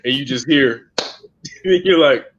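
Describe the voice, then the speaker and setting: Husky low man on dull call audio. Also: fairly bright tone. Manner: easygoing, amused, quick laughs. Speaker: guest asking questions. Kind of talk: casual chat.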